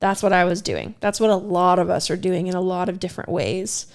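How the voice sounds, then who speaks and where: A woman's voice: fairly low pitch, fairly quick. A woman co-hosting a podcast, telling a personal story in a candid, self-deprecating way and laughing often. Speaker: podcast co-host. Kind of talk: casual storytelling.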